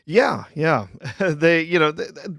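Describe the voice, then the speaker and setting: A man in casual podcast chat who laughs often and talks haltingly, correcting himself. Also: a little high, lively intonation, gravelly, fairly bright tone, no echo, studio quality. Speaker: co-host.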